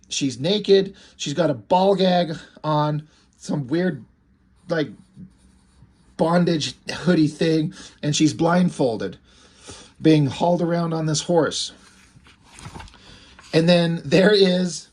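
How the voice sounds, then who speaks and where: A man's voice: a little high, darkish tone. A man casually reviewing a comic book, rambling and amused, with many fillers.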